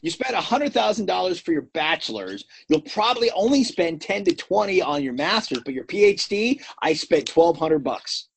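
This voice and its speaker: Playful goofy man, lively voice. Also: high voice, moderate pace, vocal fry, hardly any pauses, slightly rough. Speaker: interview guest. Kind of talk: joking podcast chat.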